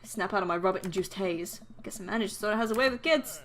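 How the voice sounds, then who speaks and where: Bright-voiced young woman reading game dialogue. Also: mid-range voice, very fast, hardly any pauses, a little hiss or hum. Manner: playful, voices every character in the dialogue and jokes between lines. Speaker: let's player. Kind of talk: reading a game's dialogue aloud.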